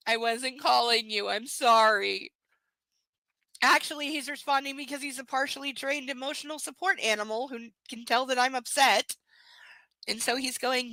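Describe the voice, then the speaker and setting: A woman reads a novel aloud, stopping often for sarcastic asides and casual swearing. Her voice is high and bright. The recording is dry and close. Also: moderate pace, no room sound, low-quality recording. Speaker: book reader. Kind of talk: live book reading with sarcastic commentary.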